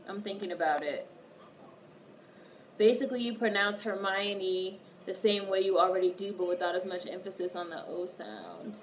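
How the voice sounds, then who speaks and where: A woman's voice: mid-range voice, moderate pace. A woman hosting a casual livestream, reading viewer comments aloud and answering them with plenty of swearing. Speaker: livestream host. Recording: distant mic with faint background noise.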